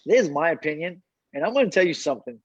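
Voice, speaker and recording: Man, animated, repeats himself, speaking from a car, dull dry sound. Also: on the high side, fast talker, slightly rough, no room sound. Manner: animated, repeats words, laughs often. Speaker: cigar brand founder, guest. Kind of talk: casual interview chat. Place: inside his car. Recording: dull dry remote call audio.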